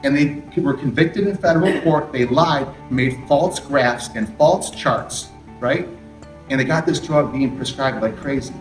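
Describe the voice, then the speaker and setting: A man's voice: mid-range voice, measured pace, faint music behind. A middle-aged man, a therapist, giving a candid addiction recovery talk to an audience, often throwing questions at the room and adding sarcastic asides. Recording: roomy hall picked up from a distance.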